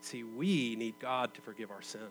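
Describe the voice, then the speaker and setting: A man in his thirties preaching a sermon as a pastor, conversational, moving from loud emphatic bursts to quiet, intimate stretches. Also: medium pitch, moderate pace, slight background noise, poor audio.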